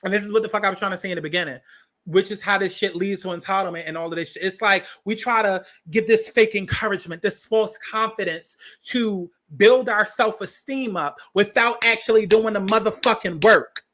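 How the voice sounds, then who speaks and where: A man's voice: high-pitched, fairly quick, sharp tone. A man hosting a podcast, ranting heatedly, swearing a lot and repeating lines for emphasis. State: agitated. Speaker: podcast host.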